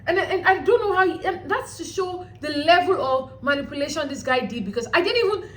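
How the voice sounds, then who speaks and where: A woman hosting a reality show recap, talking casually in an animated, blunt way with some swearing. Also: very high voice, a little fast, rough recording.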